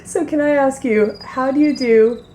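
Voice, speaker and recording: A woman's voice: sits high, moderate pace, dark tone. A woman interviewing a guest at a convention, asking eager questions with short, encouraging replies. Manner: brief encouraging backchannels, enthusiastic questions. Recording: convention room with faint background noise.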